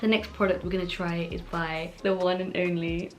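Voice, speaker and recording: A young woman talking as a beauty vlogger in a casual chat from home, gushing and excitable. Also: fairly low pitch, normal speed, background noise.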